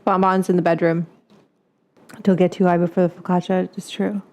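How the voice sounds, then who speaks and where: A woman's voice: on the low side, little pitch movement, normal speed, darkish tone, highs cut off. A woman hosting a home cooking show in casual chat. She swears freely, keeps breaking into coughing fits, and baby-talks to her dog in her kitchen.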